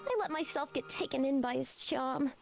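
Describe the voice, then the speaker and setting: A woman's voice: high voice, normal speed, creaky. A sassy 1930s showgirl. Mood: rueful. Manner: 1930s slang, breezy and wisecracking. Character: brassy young female showgirl, sassy. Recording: game audio with music bed.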